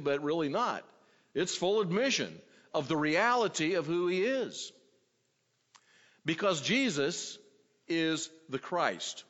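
A man delivers an expository sermon in a slightly high, lively voice. He teaches at a measured pace and acts out the quoted questions with changing inflection. The sound is dull, with a long reverb from the hall. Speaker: preacher.

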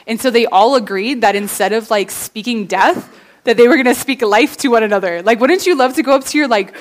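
A young woman with a voice on the high side gives a casual, earnest youth sermon at a moderate pace. She fills it with "like" and "you know," and finishes in prayer.

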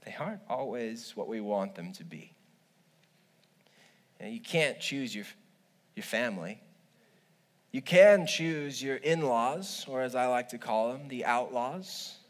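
A male pastor preaching a sermon, telling stories with humorous asides and lively swings between loud and quiet. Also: mid-range voice, unhurried, long pauses. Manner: humorous, animated storytelling with asides.

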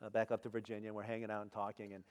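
A middle-aged male pastor preaching a sermon, telling stories in an animated way and acting out the people in them. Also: on the low side, very fast, big-room sound. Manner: animated storytelling, acts out characters.

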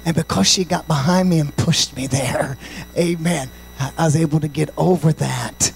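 Gravelly man preaching with shouted swells. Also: fairly high pitch, steady tone, moderate pace, slight background noise, low-quality recording. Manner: swings from shouted, sing-song preaching to quiet, confiding storytelling; peppers speech with "amen" and "praise God". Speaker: pastor. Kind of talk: sermon.

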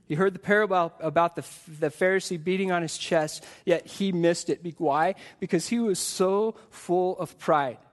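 A man's voice: high voice, normal speed, hardly any pauses. A male pastor preaching a live sermon to his congregation in a church, earnest and full of repeated rhetorical questions.

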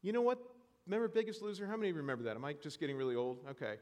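A man preaching a sermon in church, animated and self-deprecating, joking with the congregation. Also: fairly high pitch, rapid-fire, big-room sound. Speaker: pastor.

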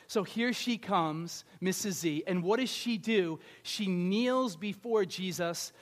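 A male pastor giving a conversational, animated sermon, acting out little scenes. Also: sits high, slow.

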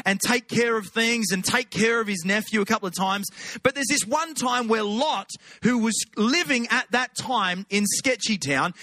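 A man's voice: high-pitched, pushed and bright, no room sound. A middle-aged Australian man giving a chatty, humorous sermon as a guest preacher. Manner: humorous, conversational, chatty asides.

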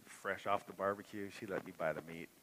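A middle-aged pastor preaches to his congregation in a bright, forceful voice that sits fairly low. He tells a personal story in an easy, conversational way, then builds to impassioned emphasis. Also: steady tone, a little fast, slight background noise, poor audio. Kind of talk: sermon. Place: church sanctuary.

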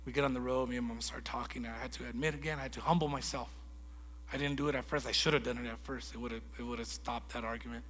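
A man preaching a sermon in a lively storytelling way, acting out conversations as he goes. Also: medium pitch, fast talker, in a large hall, a little hiss or hum. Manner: animated storytelling, acts out dialogue. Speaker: guest preacher.

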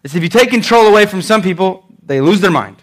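A man preaching a sermon as pastor, animated, swinging between loud and soft, acting out quotes. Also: high-pitched, fast talker.

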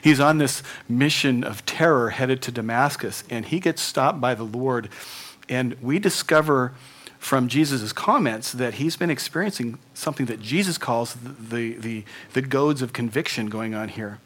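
A male pastor giving an animated sermon, laughing often and sinking to near whispers at times. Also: mid-range voice.

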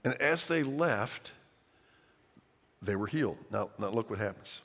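A man preaching with lively, swooping pitch that drops to near-whispers and rises to loud cries. His voice rings out with a long hall reverb, as in a large church. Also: unhurried, long pauses, slightly rough. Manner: dramatic, swings from hushed to shouting. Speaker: pastor. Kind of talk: sermon.

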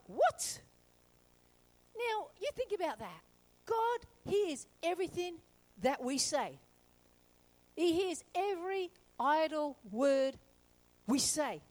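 A woman preaches a sermon in a high voice. She tells her story with energy and slips into the characters as she goes. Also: rough recording. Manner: lively, acts out characters in the story. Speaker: pastor.

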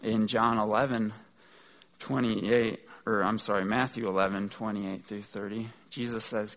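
A man's voice: on the low side, little pitch movement, measured pace, fairly bright tone. A man giving a conversational, earnest sermon, explaining things step by step. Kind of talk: sermon teaching.

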